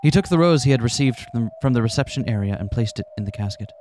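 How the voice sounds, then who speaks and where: With an expressive, mid-range voice and a darkish tone, a man reads a visual novel to his friends at a quick clip, jumping between narration and character voices. Laughter and jokes break up the lines of this casual dramatic reading, over slight background noise.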